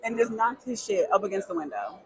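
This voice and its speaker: A young adult woman co-hosting a casual chat, telling a lively story, swearing freely and acting out the people she quotes. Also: medium pitch, fairly quick, a crowd in the background, poor audio. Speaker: podcast co-host.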